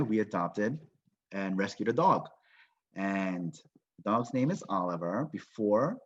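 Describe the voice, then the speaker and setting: A man's voice: fairly low pitch, slightly rough. A man giving a motivational business training talk on a video call, telling a story and acting out what people say. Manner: storytelling with acted-out quotes. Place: home, Las Vegas. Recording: dull lo-fi call audio.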